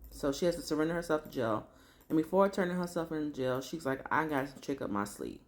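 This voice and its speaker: A woman chatting through a casual, slangy recap of a TV drama episode. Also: rumbling low. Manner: chatty slangy storytelling, acts out characters.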